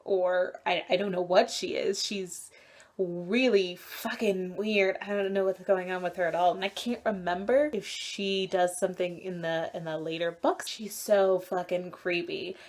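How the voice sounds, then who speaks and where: A woman's voice: lowish voice, fairly even intonation, a little slow. A young woman vlogger in casual chat about a book she is rereading, candid and swearing often.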